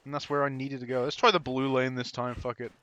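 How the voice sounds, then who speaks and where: A man's voice: medium pitch, level tone, fast, fairly bright tone. A man giving casual, profane and sarcastic commentary while playing a video game, with frequent laughing asides. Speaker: gameplay commentator. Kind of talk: casual let's-play commentary.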